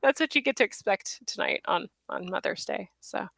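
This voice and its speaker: A woman's voice: mid-range voice, expressive, moderate pace, creaky, a bit bright, dry recording. A woman hosting a live online chat show, talking casually with lots of fillers and giggles. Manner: chatty, giggly, many fillers. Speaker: host.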